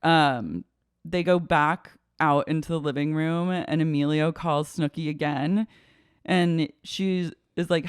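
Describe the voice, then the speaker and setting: A man's voice: fairly high pitch, unhurried, smooth, no room sound, clean studio sound. A man co-hosting a podcast, chatting casually and acting out scenes he recaps with quoted voices. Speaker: podcast co-host. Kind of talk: casual chat recapping a reality show.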